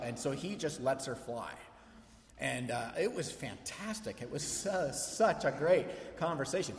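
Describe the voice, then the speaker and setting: A male pastor preaching a sermon in a relaxed, conversational way, mixing storytelling with humor. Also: medium pitch, a little slow. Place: church sanctuary. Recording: echoey hall reverb.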